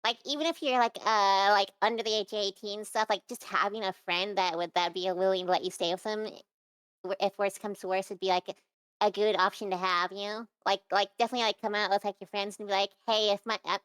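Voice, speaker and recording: A woman's voice: mid-range voice, steady tone, quick pace, a bit bright, clean tone, dry recording. A young adult woman, a VTuber guest in a casual interview, rambling with lots of fillers and restarts.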